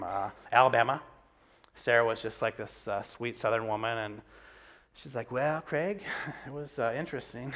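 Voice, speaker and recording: Bright-voiced pastor telling stories. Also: male voice, medium pitch. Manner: conversational storytelling with many fillers. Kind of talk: sermon.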